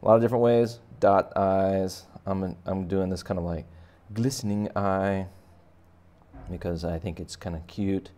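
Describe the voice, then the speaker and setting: A man's voice: sits low, steady tone, measured pace, mellow. A man teaching kids to draw, chatting casually and making joking asides while he sketches. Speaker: art teacher. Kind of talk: casual drawing tutorial for kids.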